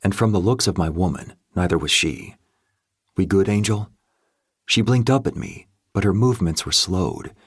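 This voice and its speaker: A man narrating a first-person dark romance audiobook in a steady, measured reading voice. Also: deep voice, breathy edge, no echo, clean studio sound.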